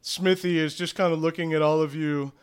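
A man's voice: fairly high pitch, fairly even intonation, brisk, clean tone. A young man narrating a tabletop game as game master in a casual, laughing way. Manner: casual, fillers, laughs often.

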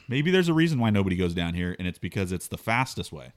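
A man's voice: low voice, big pitch swings, brisk. A man playing a tabletop game, casual and joking, often swearing. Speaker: player.

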